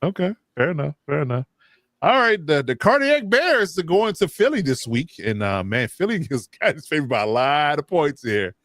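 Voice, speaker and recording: A man's voice: a little high, sing-song, normal speed, a bit bright, dry recording, clean studio sound. A man hosting a casual sports talk show, upbeat and asking each guest for their picks. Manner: upbeat, steers the round of picks, many fillers.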